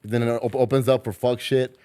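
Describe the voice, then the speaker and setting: A man's voice: mid-range voice, steady tone, a little fast, mellow. Laid-back slangy podcast host, a man. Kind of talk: casual podcast chat.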